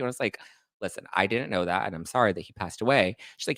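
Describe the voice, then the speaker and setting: A man's voice: fairly low pitch, fast talker, a bit bright, dry recording. A man in his thirties hosting a podcast, ranting sassily and acting out both sides of his arguments. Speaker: podcast host. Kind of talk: heated commentary.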